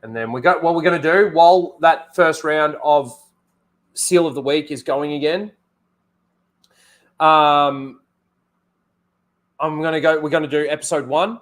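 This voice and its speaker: A man's voice: a little high, steady tone, unhurried, long pauses, a bit bright. A man hosting a casual livestream, rambling, correcting himself and talking straight to his viewers. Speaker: livestream host.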